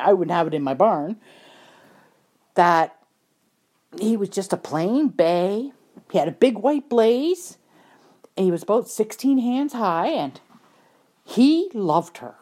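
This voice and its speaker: Lively, blunt horse trader woman. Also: mid-range voice. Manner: folksy and blunt, with mild swearing; acts out the voices in her stories. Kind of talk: casual storytelling.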